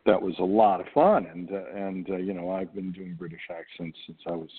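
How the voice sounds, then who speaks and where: An American actor, middle-aged, answers casual interview questions in a very low, husky voice, musing thoughtfully and haltingly with many ums, fillers and restarts. The audio is thin and phone-like, as though carried over a narrow line.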